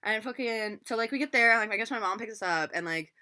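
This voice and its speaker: A woman in her twenties rattles through a storytime vlog at high speed. She curses freely and leans on filler words. Her voice is bright and sits a little high, caught on a laptop's built-in mic. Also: lively intonation, fast talker. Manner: rambling, swears a lot, constant filler words. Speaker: vlogger.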